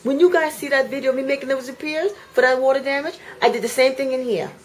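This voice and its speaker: Ranting fast in a high-pitched voice with fairly even intonation, a woman films an angry vlog at home in her apartment, going over the same points with heated indignation. The recording is rough.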